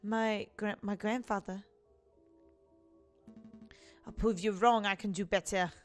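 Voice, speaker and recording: A woman's voice: mid-range voice, fairly even intonation, slow pace, faint music behind, voice pushed down, lightly acted. A woman voicing an earnest, anxious young male defense lawyer.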